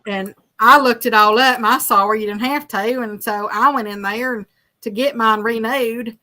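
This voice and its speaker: Bright-voiced woman chatting on a livestream. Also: on the high side, steady tone, moderate pace. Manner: chatty, teasing, reads viewer comments aloud. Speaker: livestream host reading chat. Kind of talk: casual chat.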